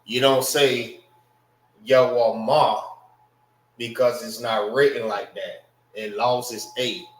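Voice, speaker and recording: A man teaching a language class, slowly spelling out and repeating words for his students. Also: mid-range voice, fairly even intonation. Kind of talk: classroom lesson on pronunciation. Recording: echoey room, mic far off.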